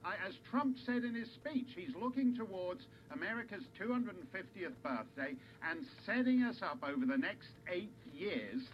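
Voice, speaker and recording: A man's voice: high-pitched, animated, moderate pace, few pauses, dull audio, soft background music. Wry Canadian man on a broadcast. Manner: wry, articulate, self-deprecating. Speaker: pundit guest. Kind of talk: TV news interview.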